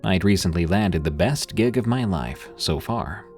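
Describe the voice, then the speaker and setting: A man narrating true scary stories in a scripted storytelling style, with a steady, even delivery. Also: low voice, a little slow, soft background music.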